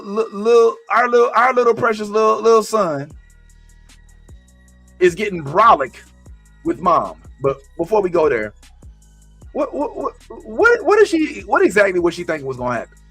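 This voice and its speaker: A man hosting a casual TV recap, animated and slangy, joking his way through the episode. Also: high voice. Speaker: host.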